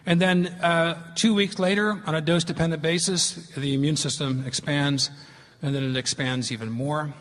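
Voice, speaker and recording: Speaking with a voice on the high side and a bit bright, a middle-aged man delivers a slide-based public lecture. He's earnest and emphatic as he tells a story, with long reverb from the hall.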